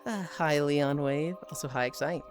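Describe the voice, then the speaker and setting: Speaking low at a moderate pace, a woman in her thirties tells animated, laughter-filled stories while chatting casually on a live stream with her chat and friends. Soft background music plays.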